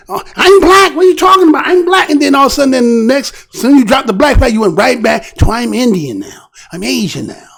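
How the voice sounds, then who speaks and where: A man's voice: sits high, creaky. A man hosting a casual commentary show, talking in a heated way and firing off repeated rhetorical questions.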